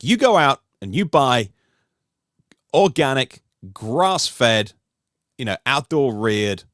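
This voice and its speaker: A man talking through a podcast discussion in an animated, rambling way, with many restarts. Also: mid-range voice, no echo, clean studio sound. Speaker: podcast host, guest panelist.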